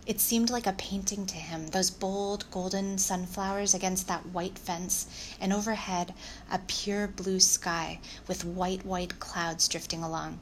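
Brief: female audiobook narrator, measured and low-pitched, light noise underneath. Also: rough recording.

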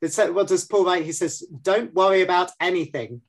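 A man hosting a Christian conversation, measured, quoting scripture as he talks. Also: high voice. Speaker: host. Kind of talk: faith-based interview.

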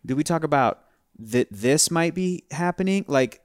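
A man's voice: on the high side, expressive, moderate pace, no echo. A man co-hosting a casual podcast chat, talking animatedly and acting out quoted reactions. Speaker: podcast co-host.

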